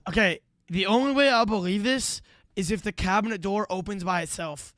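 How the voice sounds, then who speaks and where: A young man streaming live, reacting to clips with excitable outbursts and laughs at a desk microphone. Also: sits high, brisk, no room sound, clean studio sound.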